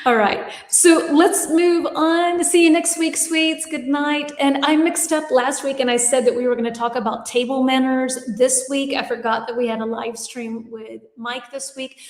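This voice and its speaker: A woman living in Germany teaches a live-streamed English lesson from her home studio, speaking in a high, steady voice at a moderate pace with hardly any pauses. The room sounds large and echoey. Chatty and upbeat, she reads viewers' comments aloud and laughs at her own slips.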